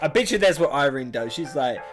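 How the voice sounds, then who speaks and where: A man hosting a casual reaction video, talking in a playful, exaggerated, excitable way. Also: mid-range voice, a little fast, music in the background.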